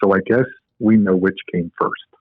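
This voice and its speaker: A man imitates a formal older doctor with a low, deep voice and a slow, measured delivery. The sound is tinny and narrow, like a phone line, and dry, with no room echo. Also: fairly even intonation.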